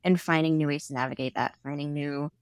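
A woman's voice: low voice, steady tone, fast, clean tone, no echo. A nonbinary podcast guest with a female-sounding voice, young adult, speaking thoughtfully and unhurriedly with frequent "like" fillers. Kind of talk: reflective interview conversation.

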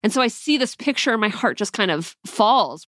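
A woman in her thirties, a mother, recounting a difficult morning in a candid, reflective way with the odd soft laugh. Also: fairly high pitch, expressive, normal speed, dry recording, studio quality. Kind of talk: personal storytelling.

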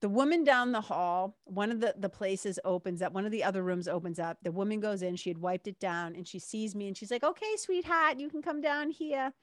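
A woman's voice: medium pitch, brisk, hardly any pauses, dry recording, clean studio sound. A woman telling a story in a casual, candid way, swearing now and then and acting out what other people said. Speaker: vlogger.

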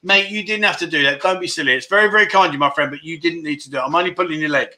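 A man's voice: a little high, very fast, sharp tone. A middle-aged man hosting a casual livestream chat show, joking, teasing viewers and reading out their comments. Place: home in Pattaya.

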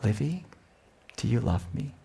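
A man voicing a gentle, loving father, speaking softly and low within a sermon story. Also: sing-song, slow, creaky, breathy edge, heavily acted. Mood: tender, hushed. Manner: soft, low, hushed.

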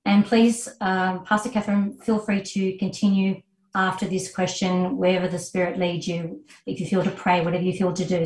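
Distant, echoey woman host. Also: lowish voice. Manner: polite, thankful moderator reading questions. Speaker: conference host. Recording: roomy sound from off mic.

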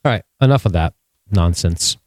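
A man with a very low voice co-hosts a podcast, keeping up crude, joking banter with his partner. His voice is recorded dry and close, with no room sound. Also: animated, moderate pace, dry recording. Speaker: podcast co-host. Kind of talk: casual chat.

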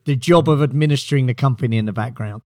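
British male executive guest, dry and self-deprecating, mid-pitched, on a close, dead-sounding mic. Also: fast talker, a little mellow, dry recording. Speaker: company chief executive, podcast guest. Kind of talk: casual interview answers.

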